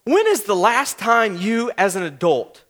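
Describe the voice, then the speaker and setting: A man's voice: sits high, big pitch swings, a little slow, fairly bright tone. A young man preaching a sermon in an earnest, conversational way, often restarting his sentences. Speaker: pastor.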